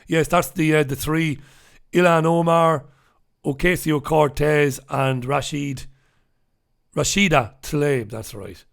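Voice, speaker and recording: A blunt, sarcastic Irish man hosting a solo news review show, reading out chat comments and swearing freely as he goes. His voice sits a little high for a man and has a gravelly, crackling edge. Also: steady tone, slow. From Ireland. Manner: blunt, sarcastic and profane, with asides and laughs. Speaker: host.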